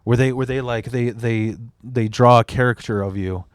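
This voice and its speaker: A man's voice: medium pitch, fairly even intonation, normal speed, clean tone, no echo, studio quality. A young man from the Chicago area, a stand-up comedian telling rambling, profanity-laced stories in a casual podcast chat. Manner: rambling storyteller, swears a lot.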